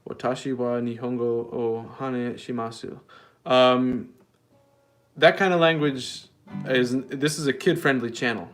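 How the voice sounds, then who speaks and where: Male livestream host, unhurried, dry mock-earnest delivery, guitar in the background. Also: mid-range voice. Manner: deadpan, mock-earnest comedic rambling. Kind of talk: casual livestream chat.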